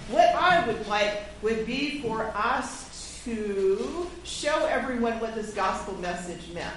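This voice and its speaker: Woman pastor, gentle and encouraging, somewhat high voice, captured from across an echoey church. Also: a little hiss or hum. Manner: gentle, encouraging, coaxing questions. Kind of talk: reading and children's sermon. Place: church sanctuary.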